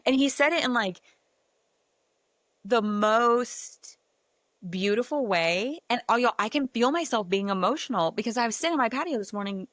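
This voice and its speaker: A woman hosting a podcast, telling a personal story in a casual, animated way and saying "like" often. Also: on the high side, moderate pace, dry recording. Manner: animated, chatty, heavy use of filler "like". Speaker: podcast host.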